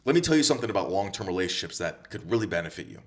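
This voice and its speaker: A man with a deep, sing-song voice rattles off dating advice for other men at rapid-fire speed in a direct-to-camera monologue. He talks bluntly, swears a lot, and repeats his points for emphasis.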